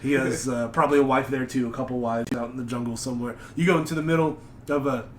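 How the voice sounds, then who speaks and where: A man telling rambling, animated stories on a casual podcast. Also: medium pitch, fast talker. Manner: rambling, animated storytelling with mocking put-on voices. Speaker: podcast host. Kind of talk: casual chat. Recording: echoey room with faint noise.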